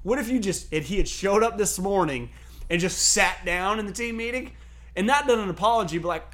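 A male sports talk host with a slightly raised voice tells stories in a loose, animated way. He swears freely and laughs as he goes. He talks casually, like he's chatting on the air. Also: sits high, a little fast. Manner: animated storytelling, profane, laughs often.

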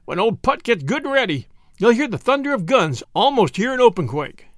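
A man's voice: high-pitched, very animated, fairly quick, no echo, clean studio sound, pitched above the performer's own voice. Male reader playing an old country cobbler, teasing and folksy, rustic drawl, voice nudged up a bit.

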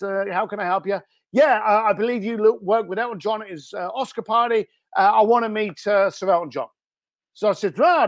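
A high-pitched Australian man telling a story as a podcast guest. He is animated and slips into the voices of the people he describes. The sound is close and dry. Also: no echo. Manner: animated, acts out the callers' voices. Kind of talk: storytelling in conversation.

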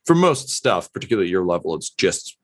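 A man's voice: sits low, very animated, fast, dry recording. A man narrating a tabletop game as game master, hesitant with many "um" and "uh" fillers.

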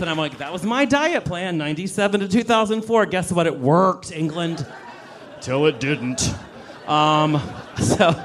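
A man in his fifties telling a sassy, campy, impassioned story on a comedy club stage. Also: fairly high pitch. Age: 50s. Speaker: comedian and writer. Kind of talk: stand-up storytelling rant.

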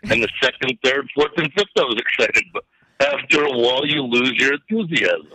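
A man calling in by phone as a co-host, laid-back with dry, deadpan comebacks. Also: mid-range voice, brisk, husky, dry recording, rough recording. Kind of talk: casual chat over a phone call.

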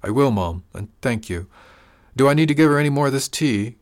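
A man's voice: mid-range voice, lively intonation, a little fast, no room sound, studio quality, pitched above the performer's own voice, close to an everyday voice. A man doing a polite young husband.

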